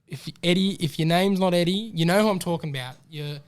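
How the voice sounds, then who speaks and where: A man co-hosting a casual horse racing podcast, chatty and excitable, handing out shout-outs. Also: high voice, fairly quick, clear, resonant tone. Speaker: podcast co-host. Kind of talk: casual racing tips chat.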